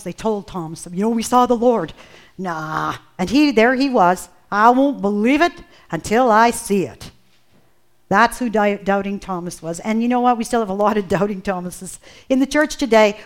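Earnest woman preaching a sermon. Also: a little high. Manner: earnest, builds in intensity with emphatic repetition.

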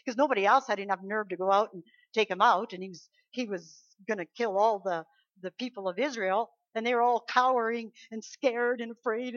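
Woman preacher, sermon, emphatic, loud and soft by turns, muffled lo-fi sound, dry. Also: medium pitch, steady tone, brisk, no room sound. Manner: emphatic, swings between loud declarations and soft asides. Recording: dull lo-fi dry recording.

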